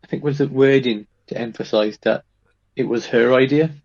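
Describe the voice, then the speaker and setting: A man's voice: medium pitch, fairly even intonation, moderate pace, a little mellow, highs cut off. A man from Wolverhampton, co-hosting a casual podcast with dry, brief replies. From Wolverhampton, England. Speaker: podcast co-host. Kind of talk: casual chat.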